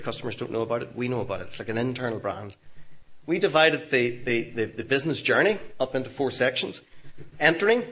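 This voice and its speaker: A man's voice: mid-range voice, fairly bright tone. Man telling a work story. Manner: storytelling, self-deprecating humour. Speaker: conference speaker. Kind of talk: anecdotal business talk to an audience. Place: hotel function room.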